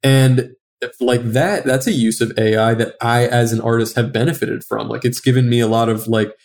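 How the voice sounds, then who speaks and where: A man's voice: medium pitch, steady tone, moderate pace, vocal fry, darkish tone. A young adult man who is a guest comic artist, chatting casually on a podcast and rambling with a lot of filler words.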